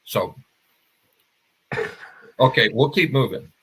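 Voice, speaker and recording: A man's voice: medium pitch, lively intonation, slow pace, bright, forceful tone, slightly rough. An older man, a marketing expert guest, explaining in a conversational interview with restarts and examples.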